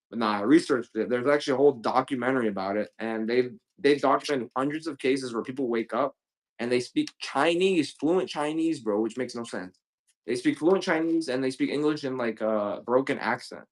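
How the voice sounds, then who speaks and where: Dude hawking old games on a live stream, rambly and cussing, mid-pitch voice. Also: male voice, a little mellow. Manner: rambling, profane, joking asides to chat. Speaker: live sale seller. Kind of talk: casual livestream selling.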